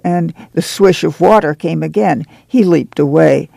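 Male narrator, measured storybook delivery, slightly high pitch with heavy fry. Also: warm tone, dry recording. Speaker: audiobook narrator. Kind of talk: scripted narration.

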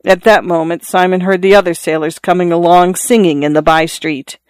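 A narrator reading a literary story aloud as an audiobook, in a measured, even storytelling manner. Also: medium pitch, clean tone, dry recording.

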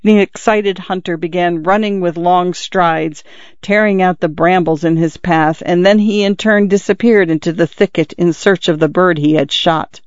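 A man narrating a classic short story in a measured, even storytelling manner. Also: sits high, no room sound, lo-fi sound.

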